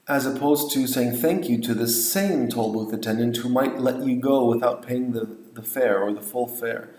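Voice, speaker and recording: A man's voice: medium pitch, a little mellow, echoey room, poor audio. A man lecturing on language teaching, explaining points and modeling example phrases. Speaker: English teacher trainer.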